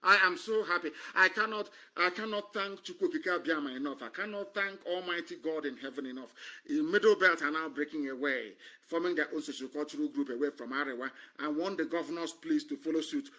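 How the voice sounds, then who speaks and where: A man's voice: a little high, a little fast, pushed and bright. A man speaking on a live stream, delivering an impassioned political monologue, scornful and emphatic, who repeats phrases for effect. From Nigeria.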